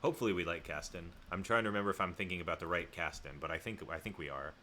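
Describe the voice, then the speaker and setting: A low-pitched man from the American South chats loosely through a livestream, wandering off on asides and correcting himself mid-sentence. His voice is very deep, yet it cuts with a bright, forceful edge, and a faint hiss of noise sits underneath. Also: very fast. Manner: rambling, self-correcting, chatty asides to viewers. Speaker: livestream host. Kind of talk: casual livestream chat.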